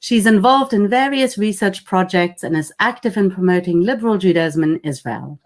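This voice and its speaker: A woman who is a rabbi chairs the session, formally introducing the panel speakers in a measured, read style. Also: medium pitch. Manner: measured and formal, reading bios.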